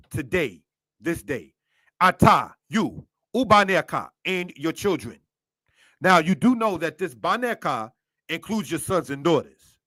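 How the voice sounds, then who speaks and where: A man's voice: fairly high pitch, fairly bright tone, no echo. A man with a slightly raised voice teaches scripture like a preacher. He breaks Hebrew words down one at a time and keeps asking his listeners questions. The sound is close and dry. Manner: preacherly, asks many rhetorical questions, addresses listeners as brothers and sisters; spells out Hebrew words line by line. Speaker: Torah teacher. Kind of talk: scripture lesson.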